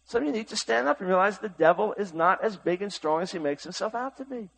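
Impassioned preacher man, fairly high voice. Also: animated, fast, creaky, low-quality recording. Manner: impassioned, urgent, swings between shouting and hushed tones. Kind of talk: sermon.

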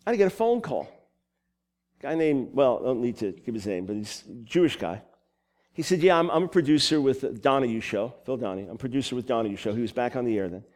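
Lively New York preacher man. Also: medium pitch. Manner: animated storytelling, quick asides and self-corrections. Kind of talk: sermon with personal stories.

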